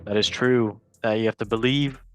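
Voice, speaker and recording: A man's voice: on the low side, steady tone, normal speed, clean tone. Joking young man hosting football news. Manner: jokey, reads headlines with asides and stumbles. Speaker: show host. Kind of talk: casual football news chat.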